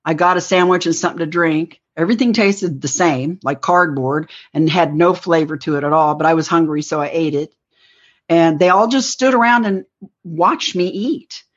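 A woman's voice: fairly low pitch, moderate pace. A woman telling a rambling personal story in an interview, acting out the lines she quotes. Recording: dull lo-fi recording.

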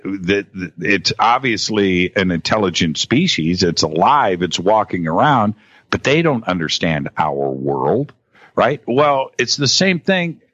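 Male guest, casual chat, repeats himself and restarts often; deep voice, dry close mic. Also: a bit bright, dry recording. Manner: halting, many restarts and repeated words. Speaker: podcast guest. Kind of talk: casual conversation. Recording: dull lo-fi audio.

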